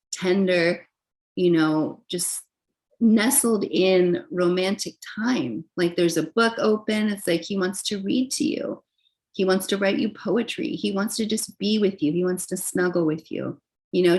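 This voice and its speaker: A young adult woman giving a casual, chatty tarot reading, gentle in tone and full of fillers and soft laughs. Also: fairly low pitch, low-quality recording. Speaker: tarot reader.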